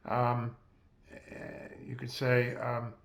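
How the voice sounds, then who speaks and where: A man, a physician, giving a measured, explanatory lecture over slides while seated at a close mic. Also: medium pitch, completely flat delivery, vocal fry. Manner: measured, explanatory, spells out terms.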